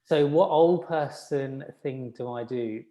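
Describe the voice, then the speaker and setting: A man in his thirties talking as a guest in a casual interview. He is relaxed and self-deprecating, often restarting his sentences as he thinks aloud. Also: mid-range voice, slow pace. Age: 30s. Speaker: podiatrist guest.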